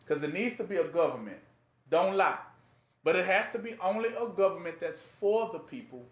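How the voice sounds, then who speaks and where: A preacher with a fairly high, fairly bright voice teaches scripture informally in a plain, conversational style, animated and at a normal speed. He keeps posing fill-in-the-blank questions so listeners finish his sentences. The sound bounces around a roomy, echoing space.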